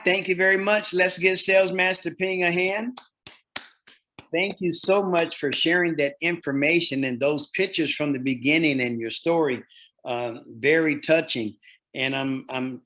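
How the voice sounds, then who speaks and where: A man's voice: a little high, a bit bright. A man hosting an online meeting, thanking speakers and calling on participants. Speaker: meeting host.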